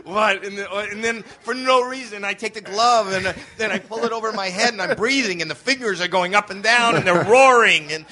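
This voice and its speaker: A man in his late fifties, a comedian, telling animated stories in a casual podcast chat and acting out his own shouts, with swearing along the way. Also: high voice, a little fast, hardly any pauses. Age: 50s. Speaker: comedian guest.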